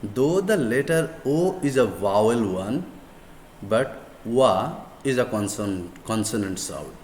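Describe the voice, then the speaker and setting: A Bangladeshi man with a Bengali first language gives a slow, drawn-out English grammar lecture. His voice sits on the lower side, and he repeats each word and example with deliberate emphasis. The room sounds echoey, with a faint hum of noise behind him. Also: expressive, a little mellow.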